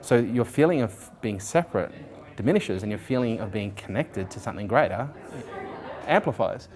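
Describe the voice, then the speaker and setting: A man in his forties telling his life story in an interview, animated, swearing freely and acting out what people said. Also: fairly low pitch, normal speed, a faint crowd. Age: 40s. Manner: animated, swears freely, acts out quoted speech.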